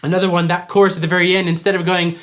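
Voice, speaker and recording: A man teaching worship vocals, explaining clearly and singing short examples. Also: high-pitched, little pitch movement, very fast, fairly bright tone. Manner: clear, instructive, demonstrates by singing. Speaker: vocal coach. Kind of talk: vocal tutorial with sung examples.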